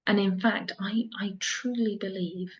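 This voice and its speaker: Earnest woman, soft and reflective. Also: mid-range voice, steady tone, measured pace. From England. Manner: soft, earnest, repeats phrases for emphasis. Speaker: soul mentor. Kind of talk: reflective monologue. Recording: dull lo-fi sound.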